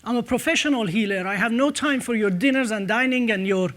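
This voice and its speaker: Anecdote aside: man playing a matter-of-fact woman healer, dismissive, high voice. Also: brisk, fairly bright tone. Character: unimpressed woman healer, adult, practical.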